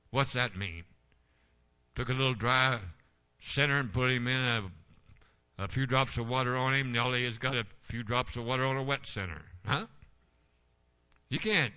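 An older man preaching a sermon as pastor, telling folksy stories and rising into forceful exhortation. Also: mid-range voice, lively intonation, measured pace, long pauses, muffled recording.

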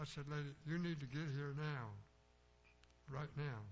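A man's voice: fairly high pitch, normal speed. An older man preaching a sermon, plainspoken and blunt, telling folksy stories from his own life. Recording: dull lo-fi recording with faint hum.

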